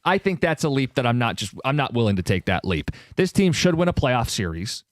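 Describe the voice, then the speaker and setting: Male sports radio host, middling pitch, opinionated and wry, dry close studio mic. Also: big pitch swings, a little fast, no echo. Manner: opinionated, wry, sarcastic asides. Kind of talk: sports talk radio banter. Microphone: studio microphone.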